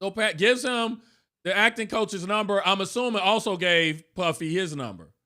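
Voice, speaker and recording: Male co-host, high and bright, animated storyteller for casual gossip chat. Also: normal speed. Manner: animated storyteller acting out voices. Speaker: podcast co-host.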